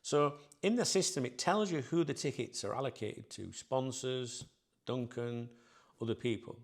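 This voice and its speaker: A man's voice: mid-range voice, normal speed. A man talking casually in an interview, rambling with lots of fillers and "right?" tag questions. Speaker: football club staff member, interview guest.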